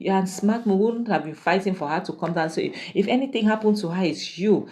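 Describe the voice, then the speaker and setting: A shrill, defensive man who blames everyone but himself, as a woman recapping a drama puts him on. His voice jumps high above the teller's own low tone, and he sounds quick and aggrieved. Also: mellow, natural voice. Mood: whiny, accusing. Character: whiny accusing man caught in a family feud.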